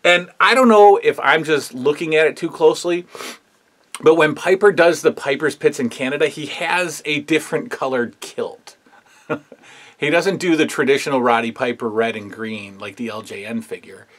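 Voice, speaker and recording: A man's voice: fairly high pitch, moderate pace, a bit bright. Rambling man reviewing old wrestling. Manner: rambling, filler-heavy, opinionated. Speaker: wrestling history show host. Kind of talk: casual review commentary.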